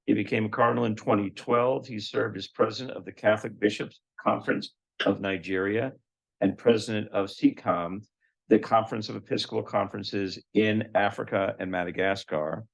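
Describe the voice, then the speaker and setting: Man, event host, low voice, gravelly, formal introduction, measured with dry asides. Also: poor audio. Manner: measured, with asides and light humor.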